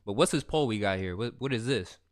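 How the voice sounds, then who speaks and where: A man's voice: on the low side, expressive, quick pace. A man appearing as a guest YouTuber on a livestream, chatty and playful, full of slang. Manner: chatty, slangy, playful, says bro and y'all. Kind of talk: casual livestream chat.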